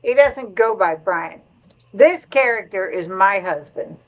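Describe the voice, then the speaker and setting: A woman's voice: medium pitch, animated, measured pace, dull audio. A middle-aged woman hosting a live stream in casual chat, reading viewer comments aloud and laughing along.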